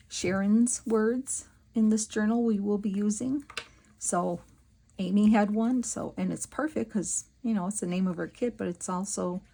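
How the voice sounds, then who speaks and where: A woman's voice: medium pitch, vocal fry, mellow, husky. A woman hosting a crafting video, chatting casually and giggling as she works, with many fillers. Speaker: crafting channel host. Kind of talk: casual craft tutorial chat.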